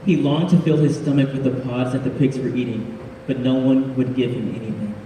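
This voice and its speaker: A man preaching a casual, jokey sermon, laughing often and adding quick asides. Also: mid-range voice, fairly even intonation, warm tone, slight background noise. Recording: echoey hall, speaker far from mic.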